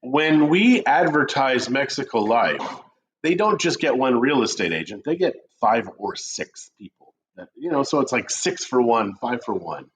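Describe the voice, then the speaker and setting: A middle-aged man with a mid-range voice and big pitch swings co-hosts a casual real estate coffee chat at a moderate pace, joking and storytelling with lots of animation. The dull lo-fi stream audio carries slight background noise.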